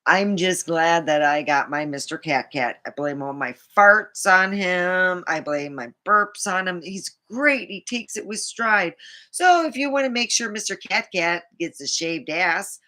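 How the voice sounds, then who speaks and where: A woman's voice: lowish voice, measured pace, sharp tone. A middle-aged woman vlogging in a meandering casual monologue, full of fillers and frequent laughter.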